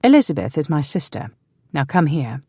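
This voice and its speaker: A woman voicing a cold, commanding English lord who speaks in curt, hushed orders. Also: sits low, big pitch swings, moderate pace, slightly rough, no room sound, studio quality, heavily acted.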